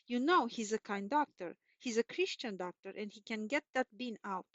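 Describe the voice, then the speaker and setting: A woman voicing a calm, sensible father who reassures his wife, in a dull, dry recording. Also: on the high side, moderate pace, dry recording, close to an everyday voice. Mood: reassuring.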